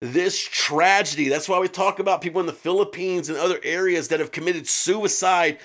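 A man's voice: high-pitched, normal speed, a bit bright. A man co-hosting a true-crime podcast in casual chat, swearing often and restarting his sentences. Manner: profane, with frequent restarts and fillers. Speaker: podcast co-host.

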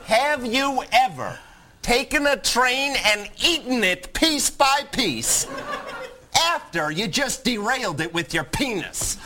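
A man playing an office worker who questions a coworker on a lie detector in a comedy sketch, asking slowly and mock-seriously. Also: extremely high pitch, expressive, sharp tone, heavily acted. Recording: sketch clip with faint background noise.

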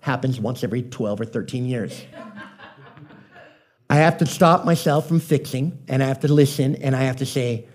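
A man's voice: medium pitch, normal speed, darkish tone. A man preaching a sermon in a conversational, joking storytelling way, often asking the congregation questions. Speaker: pastor.

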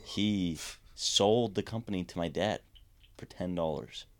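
A tired young man chatting casually on a podcast, mumbling with low energy. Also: a little slow. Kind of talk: casual chat.

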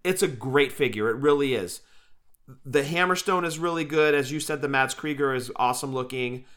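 A man's voice: mid-range voice, moderate pace, a bit bright. A man co-hosting a podcast, chatting enthusiastically and casually, often calling his friend "dude". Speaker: podcast co-host. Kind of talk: casual chat.

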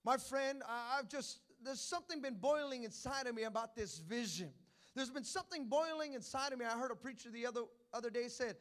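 A young pastor delivers a sermon in a church, his voice very high and bright. He tells stories, asks the congregation for amens and builds to loud, excited peaks. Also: brisk. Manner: storytelling preacher, calls for amens, builds to shouting climaxes.

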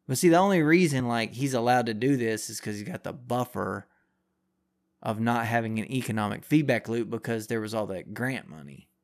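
A man ranting loosely on his podcast, his speech full of curses and the filler "like". He drifts from point to point in a casual, offhand way, at a middling pitch for a man. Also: normal speed. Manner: profane, rambling, heavy use of filler "like". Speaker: podcast host. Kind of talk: casual rant.

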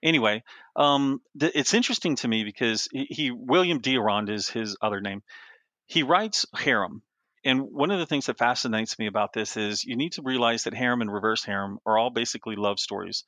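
A man's voice: medium pitch, a little fast, sharp tone, dry recording. A middle-aged man, an author being interviewed, telling casual stories with laughs, restarts and trailing asides. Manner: rambling, laughing storyteller with many restarts. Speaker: author guest.

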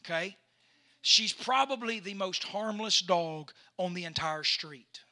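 A pastor with a high, very bright and ringing voice. He tells a story from the pulpit, then drives toward loud, shouted preaching. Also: measured pace. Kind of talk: sermon.

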